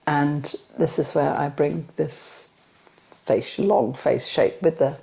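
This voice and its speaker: An older woman from West London, speaking in an interview with a softened London accent, rounded vowels and a chatty manner that breaks into laughs. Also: low voice, fairly even intonation, slow pace, creaky. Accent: London English softened by elocution lessons. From West London, England. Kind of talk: casual interview talk.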